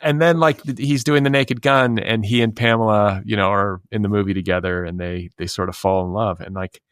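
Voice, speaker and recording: A man in his fifties hosting a podcast, chatting casually in a rambling, relaxed way with lots of fillers. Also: fairly low pitch, a little fast, clean tone, dry recording, studio quality. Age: 50s. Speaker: podcast host. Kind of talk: casual chat.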